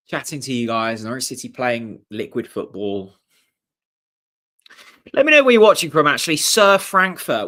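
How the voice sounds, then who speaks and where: A young man hosting a live football watchalong, chatting with viewers and reacting to the match in a casual, excitable way. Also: mid-range voice. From Norfolk, England. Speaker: host of a fan channel watchalong.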